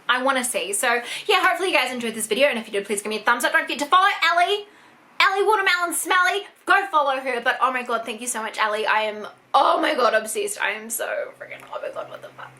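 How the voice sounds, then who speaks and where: A young woman in an unboxing vlog, gushing and excitable, swearing often as she opens gifts. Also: high voice, racing. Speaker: YouTuber.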